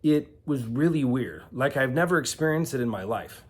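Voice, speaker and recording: A man of forty from the American Midwest, telling personal stories in a relaxed, rambling way with asides and fillers. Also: medium pitch, moderate pace. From Milwaukee, USA. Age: 40s. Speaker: vlogger. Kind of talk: casual storytelling to camera.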